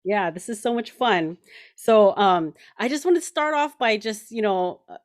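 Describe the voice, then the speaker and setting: A woman's voice: medium pitch, lively intonation, normal speed. A woman hosting an interview show over a video call, talking enthusiastically and rambling with many fillers. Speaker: podcast host.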